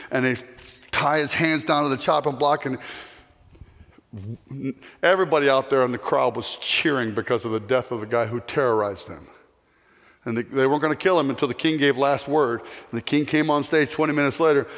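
A man's voice: mid-range voice, fairly bright tone, in a large hall. A man telling a parable as a chapel sermon, with dramatic, swelling delivery. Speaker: chapel speaker. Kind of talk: sermon storytelling.

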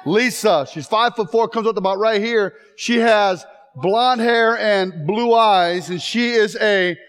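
High-voiced man preaching. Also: measured pace, smooth. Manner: joking, then emotional and shouting. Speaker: chapel speaker. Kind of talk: humorous sermon. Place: chapel.

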